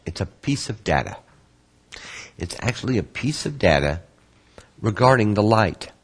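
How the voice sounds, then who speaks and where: A man teaching an online course, patiently answering student questions and explaining terms slowly with repetition. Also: on the low side. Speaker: Kabbalah course instructor.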